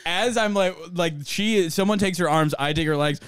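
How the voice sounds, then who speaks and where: A man telling a chaotic story in casual podcast chat, rambling and laughing, shouting out the quoted lines. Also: sits high, normal speed, clean tone, no room sound, studio quality.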